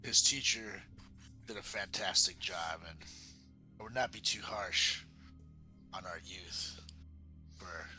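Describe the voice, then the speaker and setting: A man's voice: low-pitched, slow pace, long pauses, pushed and bright, faint music behind, pitched below the performer's own voice, heavily acted. A man voicing a blunt, battle-worn male sailor veteran in a tabletop game, folksy and courtly with lots of fillers. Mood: praising. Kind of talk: in-character tabletop role-play.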